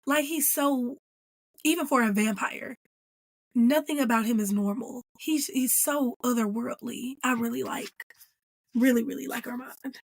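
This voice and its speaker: A woman with a slightly high voice recaps a TV episode in an animated, emphatic chat. She is recorded dry and close, with almost no room sound. Her tone is casual, as if talking to a friend. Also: unhurried, no room sound. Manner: animated and emphatic, acting out characters' lines and calling them "girl". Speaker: host reviewing a TV episode.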